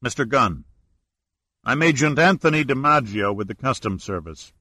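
A man voicing a polite, brisk male customs agent. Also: medium pitch, lively intonation, pushed and bright, no room sound.

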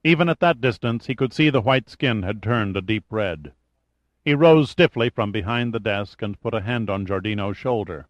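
A man reading an audiobook in a measured storytelling manner, in a dull lo-fi recording. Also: lowish voice, no echo. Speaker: audiobook narrator. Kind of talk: scripted narration.

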